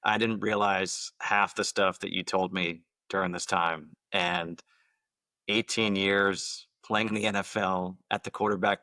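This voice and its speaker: A male podcast host wraps up with easy, friendly praise for his guest. His voice is low but bright and forward. The sound is dry and close. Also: no echo. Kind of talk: casual podcast chat.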